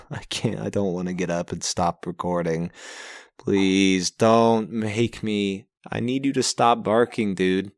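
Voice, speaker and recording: A man's voice: lowish voice, no room sound, studio quality. A young man hosting a podcast from home on a pop-filtered mic, recapping his journal week in a casual, sarcastic, profane way and getting easily exasperated. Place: home recording setup.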